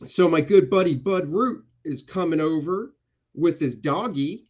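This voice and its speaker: A man's voice: a little high, unhurried, a little mellow, breathy edge, muffled recording. A man hosting an art livestream, chatting casually, joking and rambling while he talks to his viewers. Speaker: comic artist hosting an art stream.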